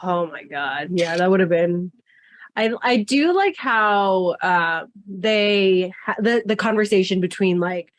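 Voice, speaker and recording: A young woman chatting as a podcast guest, full of fillers, swearing and quoting in a higher voice. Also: lively intonation, takes it slowly, a little hiss or hum. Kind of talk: casual chat.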